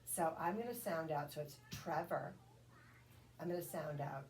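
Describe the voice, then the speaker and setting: A patient, encouraging woman leads a one-on-one phonics drill and sounds out words letter by letter. Her voice sits a little low and is picked up from a distance, with faint noise behind it. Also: unhurried, pauses often. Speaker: reading tutor.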